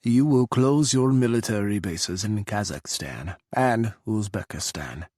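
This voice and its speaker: A man's voice: on the low side, lively intonation, unhurried, a little mellow, no echo, clean studio sound. A man voicing a scheming, restless Russian president with a thick Russian accent and a smirking, cutting manner. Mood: sly.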